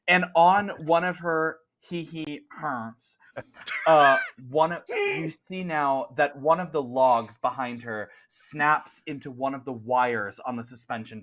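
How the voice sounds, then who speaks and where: A man's voice: mid-range voice, very animated, measured pace, a bit bright, slight background noise. A man as game master, casually narrating a tabletop horror game with gleeful gory detail.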